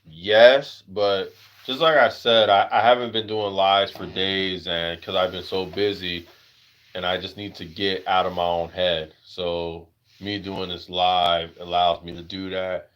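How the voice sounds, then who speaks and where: An American man hosting a casual livestream chat. He rambles with lots of fillers and jumps into high-pitched voices when he acts out other people. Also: a bit bright, lo-fi sound. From United States. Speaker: livestream host.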